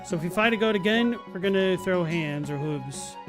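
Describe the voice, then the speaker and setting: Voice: medium pitch, lively intonation, moderate pace, over music. A streamer giving casual, joking commentary while playing a game and talking to chat viewers.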